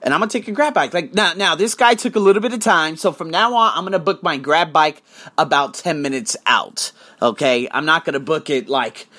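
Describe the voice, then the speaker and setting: A man's voice: on the high side, normal speed. A young man hosting a podcast, telling stories in a casual, profane way and acting out quotes. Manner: animated, profane, acts out quotes. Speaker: podcast host. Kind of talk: casual storytelling monologue.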